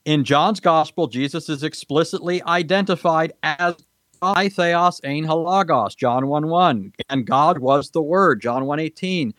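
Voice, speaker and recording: A man's voice: a little high, measured pace, a bit bright, no echo. A man answering questions in a formal debate, precise and lecturing, citing verses and Greek grammar. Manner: precise, lecturing, cites scripture references.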